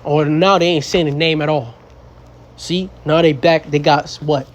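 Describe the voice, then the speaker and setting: A man's voice: on the high side, steady tone, normal speed. A young man teaching scripture in a blunt, profane, casual way, mocking fools and quoting verses. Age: young adult. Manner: blunt, profane, mocks foolish people in voices. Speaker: street preacher.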